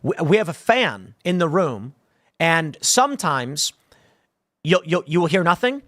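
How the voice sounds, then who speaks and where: A man's voice: a little high, very animated, unhurried, a bit bright, no echo. A man hosting a commentary show, talking in a rambling, jokey way with lots of asides, from a studio room. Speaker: host.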